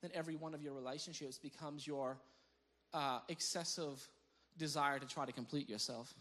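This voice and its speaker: Male pastor, fairly high, bright voice, loose conversational sermon, laughs at his own stories. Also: normal speed. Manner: animated storyteller who breaks into laughter; repeats words as he restarts phrases.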